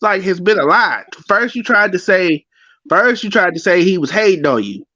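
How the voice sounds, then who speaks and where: A man's voice: high-pitched, lively intonation, normal speed, sharp tone, dry recording. A man in a casual group chat who talks emphatically and repeats himself to build his point. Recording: muffled, dull recording.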